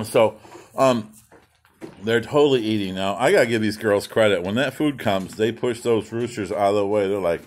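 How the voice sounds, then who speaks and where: A man's voice: mid-range voice, big pitch swings, moderate pace. A man in his fifties, short of breath and coughing, rambling playfully while tending his backyard chickens. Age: 50s. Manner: rambling, playful, chatty with the hens. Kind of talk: casual vlog chat. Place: outdoors at a chicken coop. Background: hens clucking and roosters.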